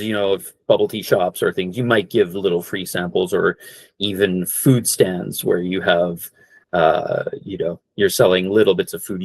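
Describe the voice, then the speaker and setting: A male English teacher giving an online lesson, slowing down to model phrases and repeating them for practice. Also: lowish voice, no echo. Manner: slows down to model phrases clearly; corrects himself and repeats for practice. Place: online class.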